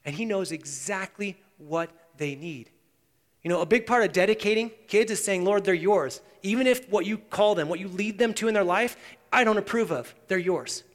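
A male pastor with a high, light voice delivers a sermon. His sound rings with the long reverb of a church sanctuary. He drops to hushed intensity, then rises to loud, animated emphasis. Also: normal speed.

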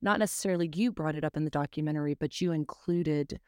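A podcast host from Charlotte, North Carolina, conducts an interview in a low, slightly mellow voice at a quick pace. She chats casually with lots of fillers and hedges, and the clean studio recording has no echo.

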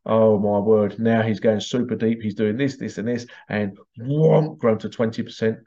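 A man's voice: on the low side, level tone, moderate pace, dark tone, lo-fi sound. Rambling man with vocal sound effects. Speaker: podcast host. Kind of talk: casual rambling monologue.

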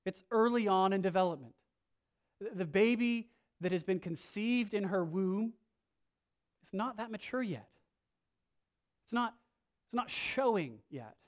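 A male pastor preaching a sermon, moving between loud, slow emphasis and soft, low asides, with casual restarts. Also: animated. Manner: conversational, with filler restarts.

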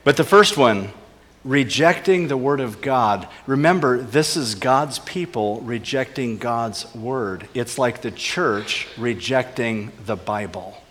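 A man preaching with earnest conviction, pressing his points harder and then falling quiet and low. His mid-pitched voice carries a long reverb tail, as if in a large sanctuary. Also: slow. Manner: earnest preaching, rising emphasis, dropping to soft low asides. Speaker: pastor. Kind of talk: sermon.

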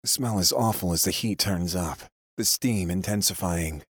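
A man with a low, husky voice narrates a first-person story from a script. His telling is steady, grim and measured. The recording is dry and close, with no room sound. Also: no room sound.

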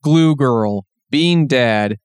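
A man's voice: mid-range voice, animated, extremely slow, clean tone, no echo, studio quality. A man co-hosting a podcast, talking in a sardonic, rambling way with lots of fillers. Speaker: podcast co-host. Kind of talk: casual podcast chat.

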